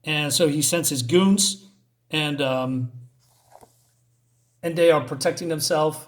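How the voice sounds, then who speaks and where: A man talks through a comic issue in a loose, unscripted way, reading lines aloud and then tearing into them bluntly, with plenty of swearing. His voice sits a little high for a man. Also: slow pace. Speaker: comic book reviewer. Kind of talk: casual spoken review.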